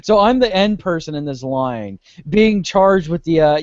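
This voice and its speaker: A man hosting a podcast, telling a convention story in a lively way, acting out the lines of the people in it. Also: on the high side, moderate pace, few pauses, dry recording, dull audio. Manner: animated storyteller acting out dialogue, laughing often. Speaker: podcast host. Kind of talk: casual anecdote telling.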